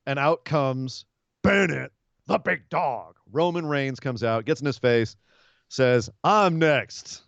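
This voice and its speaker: A man's voice: mid-range voice, takes it slowly, creaky, a bit bright, no room sound, dull audio. A man co-hosting a wrestling podcast, sarcastic and profane, slipping into mocking impressions as he recaps. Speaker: podcast co-host. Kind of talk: casual wrestling podcast chat. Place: home studio in Los Angeles.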